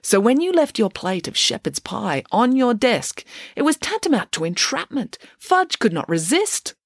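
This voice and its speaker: A woman's voice: on the high side, big pitch swings, normal speed, dry recording, clean studio sound, pitched above the performer's own voice. A woman voicing an unflappable, matter-of-fact young girl detective in a storybook reading. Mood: explaining.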